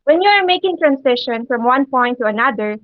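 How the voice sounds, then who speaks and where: A woman with a high, bright voice gives a classroom lesson, pronouncing words slowly and turning often to an imagined class with rising questions. The sound is dry and a little dull, like a lo-fi home recording. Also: lively intonation, no echo. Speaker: teacher.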